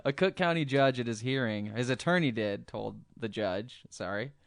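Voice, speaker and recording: A man's voice: mid-range voice, expressive, moderate pace, creaky, clear, resonant tone, dry recording. A man hosting a podcast, reading news stories offhandedly with lots of uh's and chuckles into a close mic. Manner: reads news offhandedly with many ums and chuckles. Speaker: podcast host.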